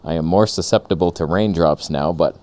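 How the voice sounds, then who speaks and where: A man ranting sarcastically in a comedic vlog, outdoors on a lavalier mic, jumping between high mocking voices and low grumbles. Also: brisk, a little mellow. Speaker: camera vlogger.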